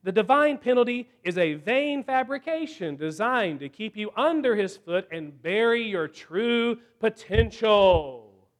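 Slow, high-voiced male preacher. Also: lively intonation. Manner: slow, emphatic preaching with dramatic pauses. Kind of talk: sermon.

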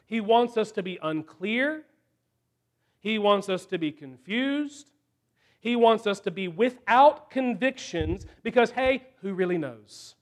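Male preacher, higher register, deliberate and emphatic sermon delivery. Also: expressive. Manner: slow, emphatic preaching with dramatic pauses.

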